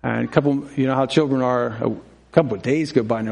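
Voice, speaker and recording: A middle-aged man preaching a sermon, his voice sitting a little high. He tells stories and acts out the people in them, breaking off into self-questioning asides. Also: moderate pace, creaky.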